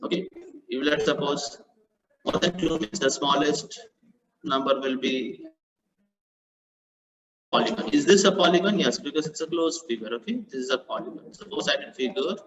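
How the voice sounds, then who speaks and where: This maths tutor has a fairly bright voice that sits on the high side. Leading a live online maths lesson, he says things more than once, fixes his own slips as he talks and gives his students praise. The call audio is dull and lo-fi.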